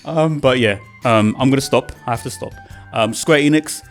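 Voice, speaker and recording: A British man hosting a gaming video, gushing and swearing in an excited casual rant while he paces a room at home. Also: medium pitch, normal speed. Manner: gushing, profane, repeats himself; pacing around while talking. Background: faint game music.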